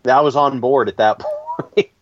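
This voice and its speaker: Animated man on a dull dry podcast. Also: mid-range voice, a little slow, no echo. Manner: animated storytelling, laughs often. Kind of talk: casual chat.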